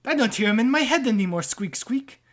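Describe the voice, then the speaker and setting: A man voicing a twitchy sewer-dwelling man who squeaks and babbles loudly in a tabletop game. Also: lively intonation. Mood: excited. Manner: high, loud, rapid babble.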